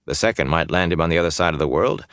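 A man narrating a fantasy novel in an even, measured reading on a close mic. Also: sits low, no echo. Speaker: audiobook narrator. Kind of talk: scripted narration.

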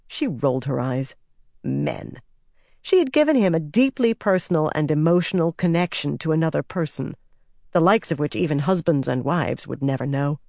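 A man narrating a fantasy audiobook in an even, measured storytelling voice. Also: fairly high pitch, vocal fry, no room sound, studio quality.

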